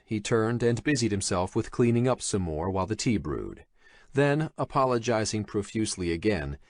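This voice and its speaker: A man narrates a thriller audiobook, his low voice moving expressively through the lines. He reads in a measured way. The recording is close and dry. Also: dry recording. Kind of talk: scripted horror thriller narration.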